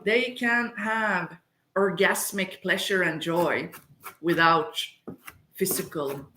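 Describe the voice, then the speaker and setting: A woman talks in an unhurried, meandering way, her voice sitting a little low. She drifts between topics in a loose, chatty livestream style. The sound bounces around a hard-walled kitchen. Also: animated, sharp tone, slight background noise. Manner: slow, rambling, chatty, wanders off topic. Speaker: spiritual medium livestreaming. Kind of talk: casual livestream chat. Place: home kitchen. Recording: echoey room sound.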